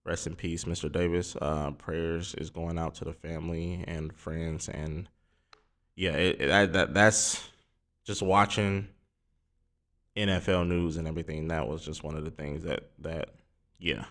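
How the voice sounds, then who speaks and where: Male sports podcast host, deep voice, loose and rambling, lots of ums. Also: little pitch movement, measured pace, a bit bright. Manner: rambling, filler-heavy, informal. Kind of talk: casual solo sports talk.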